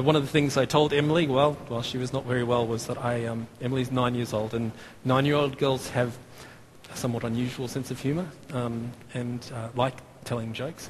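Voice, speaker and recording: Chatty Australian man preaching in a hall. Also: medium pitch. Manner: chatty and self-deprecating, with many fillers and restarts. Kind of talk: sermon. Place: church. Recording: long hall reverb, faint room noise.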